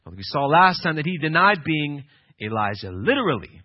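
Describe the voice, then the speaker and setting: A male pastor preaching an emphatic sermon, swinging from quiet passages to loud, insistent ones. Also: fairly high pitch, very animated, normal speed, slightly rough, no echo, lo-fi sound.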